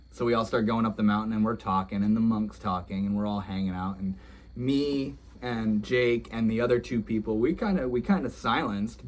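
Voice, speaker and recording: A young man telling a story in a casual, rambling way, dreamy and emotional, with many "like"s and "you know"s. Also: lowish voice. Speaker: vlogger.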